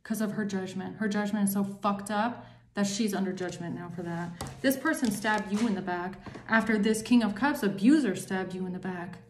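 A woman's voice: mid-range voice, normal speed, reverberant. Angry swearing woman reading tarot. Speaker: tarot reader.

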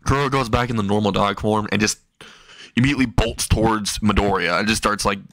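A man's voice: lowish voice, fairly quick, fairly bright tone, no room sound. A man casually narrating a silly fan-fiction story, rambling with restarts and chuckling at his own jokes.

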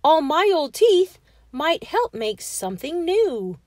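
A woman's voice: high-pitched, very animated, unhurried, dry recording, studio quality. A woman voicing an anxious, fretful man who keeps losing his teeth, gasping and wailing through his lines.

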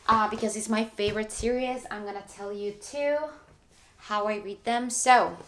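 A woman's voice: mid-range voice, normal speed, fairly bright tone. A woman in her twenties talking to camera in a casual vlog, chatty and emotional, gushing with thanks. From moved to the US as a teen. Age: 20s. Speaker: vlogger.

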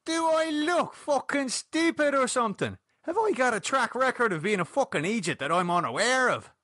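A man voicing an excitable, foul-mouthed young man with a husky voice who swears constantly and bristles with indignation. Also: mid-range voice, moderate pace, no room sound, studio quality, full character voice. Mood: indignant.

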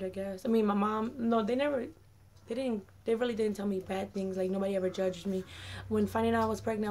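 A woman's voice: medium pitch, mellow, slight background noise. Chatty nineteen-year-old woman vlogging. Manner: rambling, full of "like" and "um"; acts out quoted dialogue in her telling. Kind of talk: casual personal storytelling.

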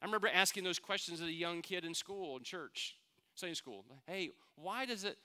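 A man in middle age preaches to his church, talking to them like a friend and asking them questions. His voice sits high for a man and rings bright. It comes through smooth and clean. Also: moderate pace. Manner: earnest, conversational preaching with rhetorical questions. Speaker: pastor. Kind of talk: sermon.

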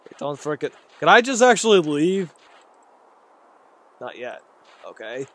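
A man's voice: on the high side, very animated, measured pace, fairly bright tone. Jittery man playing a horror game. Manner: rambling, jittery, talks to himself. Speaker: gaming YouTuber. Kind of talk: horror game let's play commentary.

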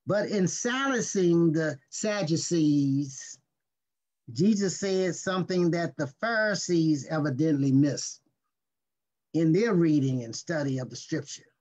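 Slow, high-voiced preaching man. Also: a little mellow. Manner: slow, deliberate scripture reading with stressed words. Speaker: pastor. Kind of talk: sermon teaching. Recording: dull lo-fi recording.

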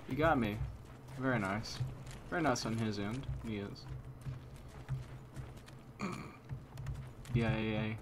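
A man giving live commentary on a shooter game, goofy and self-mocking, switching between loud exasperated outbursts and low mumbled asides. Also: takes it slowly, long pauses, noisy background. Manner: goofy, self-mocking, talks trash at opponents. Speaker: gameplay commentator. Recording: game gunfire clearly heard behind the voice.

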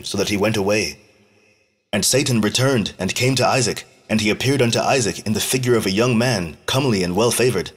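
A man reading an ancient religious text aloud at a steady, measured pace. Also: fairly low pitch, slightly rough. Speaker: scripture reader.

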